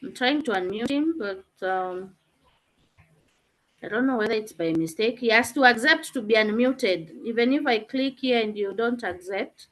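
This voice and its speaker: A woman's voice: a little high, lively intonation, normal speed. Explanatory woman teaching an online class. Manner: explanatory, questioning students. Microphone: video call.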